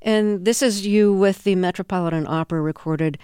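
A woman hosting an interview, curious and quick to laugh. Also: mid-range voice, warm tone, smooth, dry recording, clean studio sound. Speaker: radio interviewer. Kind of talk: casual interview.

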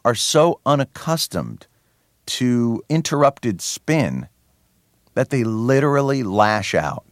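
A man from New Jersey, a guest in a radio interview, talking with a wry, sardonic edge and lots of quick restarts. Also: mid-range voice, sing-song, no echo, studio quality. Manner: many restarts and fillers. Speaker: interview guest, comedy show host.

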